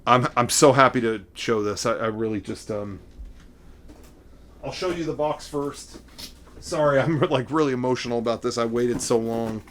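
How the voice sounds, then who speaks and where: A middle-aged man hosting a casual collecting vlog, rambling and excitable, playing up mock emotion. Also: mid-range voice, normal speed, a little hiss or hum. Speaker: vlogger showing figure collection.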